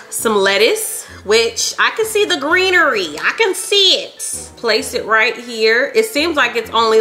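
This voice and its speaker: A woman's voice: fairly high pitch, sharp tone. A young woman vlogging in her home kitchen, chatting casually and animatedly while she cooks, with plenty of slang. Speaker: cooking vlogger. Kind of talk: casual chat while cooking.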